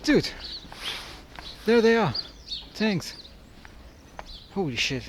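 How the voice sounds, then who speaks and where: High-voiced joking male travel vlogger. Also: animated, measured pace, long pauses, a little hiss or hum. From Germany. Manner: joking, chatty, exclaims at sights. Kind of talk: casual walking vlog narration. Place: outdoors in a city park. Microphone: action camera mic.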